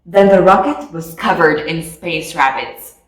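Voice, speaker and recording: A woman reading a picture book aloud with slow, expressive storytelling. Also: lowish voice, recorded from a distance. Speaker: storybook reader. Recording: echoey room, voice off mic.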